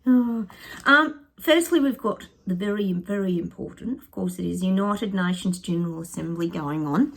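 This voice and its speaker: A woman's voice: medium pitch, normal speed, vocal fry. A woman chatting to camera in a sarcastic, laughing way, vlogging to her viewers. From Australia. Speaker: psychic vlogger. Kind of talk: casual chat to camera.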